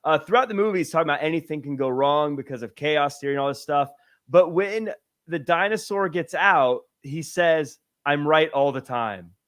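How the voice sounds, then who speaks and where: A man hosting a casual movie chat, lively and joking, who slips into quick mock voices. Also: a little high. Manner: lively, mimics people in funny voices. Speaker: podcast host.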